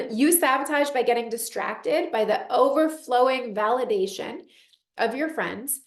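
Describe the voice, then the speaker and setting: A woman teaching a group call in a casual, animated way, acting out inner voices and saying "like" often. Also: mid-range voice, echoey room. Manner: animated, acts out inner voices, frequent "like" fillers.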